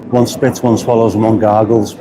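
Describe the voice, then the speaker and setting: A man's voice: lowish voice, level tone, normal speed. A man with a dry, rambling manner, giving casual running commentary as a football fan from his seat, full of joking asides. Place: football stadium stands, outdoors. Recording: noisy stadium ambience.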